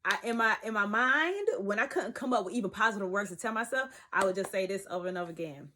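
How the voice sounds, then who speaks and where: A young woman, vlogging from her bed in an emphatic, preachy way that swings from loud to hushed. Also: medium pitch, expressive, quick pace, slight background noise. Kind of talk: casual talk to camera. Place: bedroom, sitting in bed.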